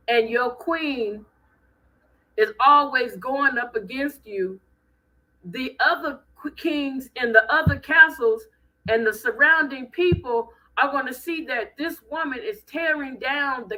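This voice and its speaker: A woman hosting a live stream, giving blunt, animated commentary with speech. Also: high-pitched, low-quality recording. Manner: animated, blunt, preachy ranting.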